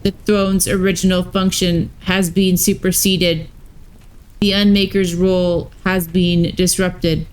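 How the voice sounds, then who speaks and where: Woman reading clipped robot warden voice for a storybook, emotionless, slow, lowish. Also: clean tone, natural voice, poor audio. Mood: cold, clipped. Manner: flat, clipped machine-like delivery. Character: cold robotic cosmic wardens, emotionless and judging.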